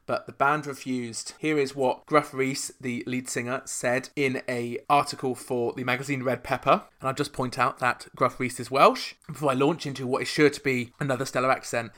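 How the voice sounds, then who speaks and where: A man's voice: mid-range voice, steady tone, a little fast, hardly any pauses, sharp tone. A man hosting a chart-history podcast, talking through songs with wry, sarcastic asides. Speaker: podcast host.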